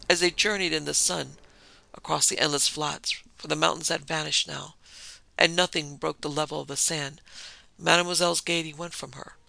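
A man narrating an audiobook in an expressive, measured reading. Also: a little high, vocal fry, no echo, rough recording. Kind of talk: scripted narration.

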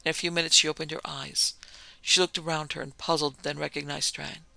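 A man narrating a story in an even reading voice. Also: on the high side, fairly quick, vocal fry, dry recording.

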